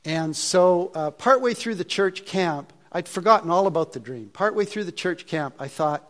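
Animated preacher telling a story. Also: male voice, high voice, normal speed, hardly any pauses. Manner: animated, acts out his own thoughts, drops to hushed asides. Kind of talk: storytelling sermon.

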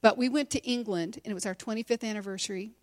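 A middle-aged woman with a mid-range voice speaks fast as she candidly recounts her personal testimony to a women's gathering. A conference speaker and teacher, she keeps it conversational and leans on many fillers.

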